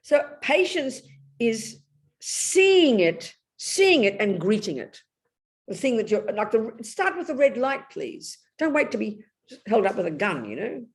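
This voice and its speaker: An older woman with an English accent giving a blunt, animated Buddhist talk, telling stories and breaking into sudden loud bursts. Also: a little high, a little slow. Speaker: Buddhist nun teacher. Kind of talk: Dharma talk.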